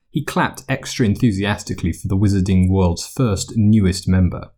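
A man narrating fiction aloud as an audiobook in an expressive storytelling manner. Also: deep voice, normal speed.

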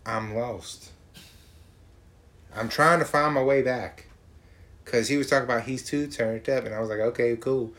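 A man from Georgia, talking in a profane, mocking, animated casual rant. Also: mid-range voice, moderate pace, pauses often.

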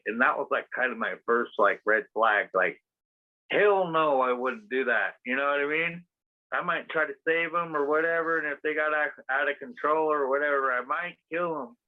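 A man telling a rambling story casually as a podcast host, full of fillers and swearing. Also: medium pitch. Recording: tinny phone-like sound.

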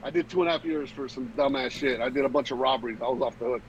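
A man's voice: medium pitch, rapid-fire, highs cut off, a little hiss or hum. A young man co-hosting a podcast, telling a story in casual, swearing chat and laughing often. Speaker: podcast co-host.

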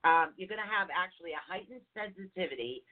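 A woman who is a holistic counselor, co-hosting a casual chat on spiritual growth in a chatty, animated way. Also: on the low side, fast talker. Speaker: podcast co-host, holistic counselor. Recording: tinny phone-like audio.

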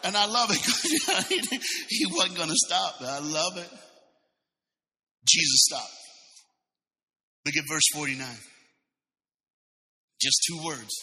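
Preacher, male, high bright voice, big swings in pitch, live church reverb. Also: takes it slowly, long pauses. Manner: animated, shouting, laughing asides. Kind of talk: sermon. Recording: reverberant church sanctuary sound.

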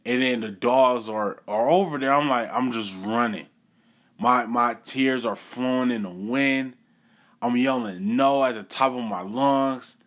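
A young man narrates a personal story in a casual, lively manner. He repeats short phrases for emphasis and slips into acting out the people he quotes. His voice sits at an ordinary pitch for a man. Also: a little slow. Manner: animated, repeats phrases for effect, acts out quotes.

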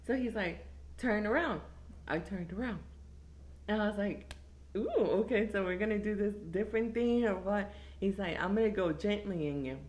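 A young woman, telling a crude story in casual chat, animated and laughing often. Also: mid-range voice, normal speed. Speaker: storyteller guest.

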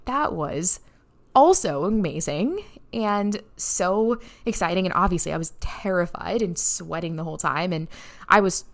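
A woman hosting her own podcast, telling a story casually and excitedly, with plenty of "like"s and a heartfelt, emotional edge. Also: on the low side, a little slow. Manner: excited, breathless storytelling with frequent "like" and laughs. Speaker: podcast host and neuroscientist. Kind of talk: casual solo podcast recap.

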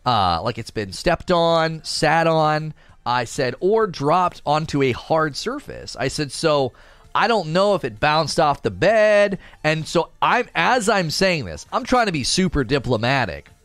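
A man's voice: on the high side, a little slow, no room sound. A young man casually telling a story about an angry customer, acting out the voices and laughing often. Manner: animated, acts out quoted voices, laughs often. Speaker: storyteller recounting a customer encounter.

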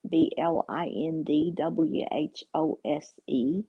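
A woman's voice: deep voice, wildly swooping pitch, slow, creaky, husky, dry recording, narrow, tinny audio. A woman co-hosting a casual podcast in a laid-back way. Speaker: podcast co-host.

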